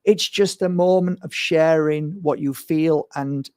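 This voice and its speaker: A man's voice: on the high side, fairly even intonation, a little slow, mellow, clean tone, no echo, studio quality. A man, a spiritual medium, talking bluntly and emphatically in a rambling monologue to camera. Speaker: spiritual medium and crystal seller.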